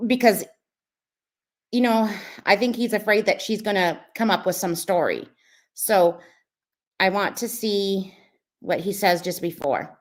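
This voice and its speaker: A woman's voice: mid-range voice, unhurried, long pauses. Chatty woman commentary host. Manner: chatty, lots of "like", explaining. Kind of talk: casual reaction commentary.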